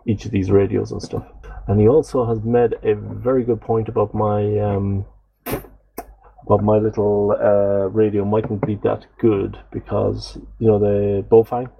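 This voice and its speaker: A man's voice: on the low side, little pitch movement, measured pace, creaky, highs cut off. A man co-hosting a podcast, chatting casually and rambling through listener comments with lots of fillers and self-deprecating asides. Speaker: podcast co-host.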